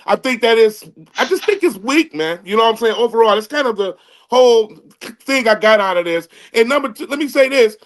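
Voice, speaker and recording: A man's voice: very high-pitched, a little fast. A man arguing in a casual podcast debate over a video call, restarting his words often. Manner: animated, stammering restarts. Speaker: comedian panelist. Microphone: remote video call.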